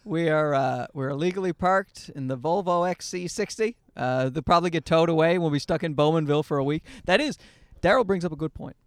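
Man, 30s, podcast host, rambling jokey chat, a bit high-pitched, dry close sound, in a car. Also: brisk, few pauses, smooth, no echo. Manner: rambling, joking, loses his train of thought. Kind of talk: casual chat. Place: parked car. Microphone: handheld mic into a portable recorder.

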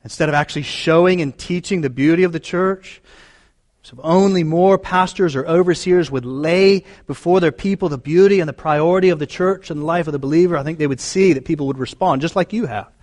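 Male pastor, emphatic sermon delivery, slightly higher voice, repeats phrases for emphasis. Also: brisk, a little mellow. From United States.

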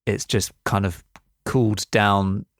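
A man's voice: fairly low pitch, steady tone, takes it slowly, no echo, clean studio sound. A man co-hosting a podcast, explaining facts in a chatty, giggly way. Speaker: podcast co-host. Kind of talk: casual explanatory chat.

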